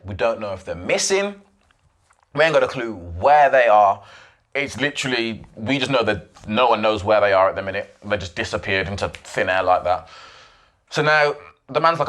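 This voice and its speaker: A man's voice: medium pitch, fairly quick. A man hosting a podcast, casually retelling a documentary with swearing and acted-out quotes. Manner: animated, swearing, acts out quoted voices. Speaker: podcast host.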